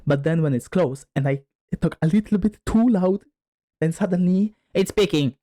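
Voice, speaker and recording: A man's voice: sits high, normal speed, mellow. A man talking casually on a home stream, rambling with plenty of fillers. His distance from the desk microphone keeps changing, so his voice moves between close and slightly distant. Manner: rambling, filler-heavy, moves toward and away from the mic. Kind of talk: casual stream chat testing a mic. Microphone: desk microphone, distance shifting.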